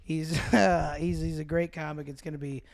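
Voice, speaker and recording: High-voiced joking young man. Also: flat delivery, normal speed, gravelly. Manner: joking, mock-apologetic, playful bits. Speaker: podcast co-host. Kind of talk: comedic podcast banter.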